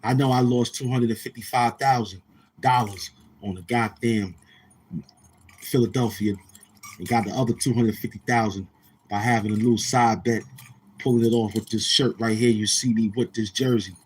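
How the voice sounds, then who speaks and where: Husky rambling Brooklyn man. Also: mid-range voice, fairly even intonation, moderate pace, darkish tone. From Brooklyn, New York. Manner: rambling, profane, keeps asking the chat questions. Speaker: show host. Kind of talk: rambling livestream storytelling.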